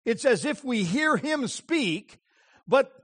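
A male preacher giving an impassioned sermon, with emphatic phrasing and dramatic pauses. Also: very high-pitched, big pitch swings, a bit bright.

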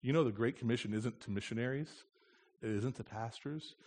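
An earnest man preaching to a church congregation, with a voice of ordinary, middle-range pitch. He talks to the room in a plain, conversational way and slips in bits of gentle humor. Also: a little fast, slight background noise. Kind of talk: conversational sermon.

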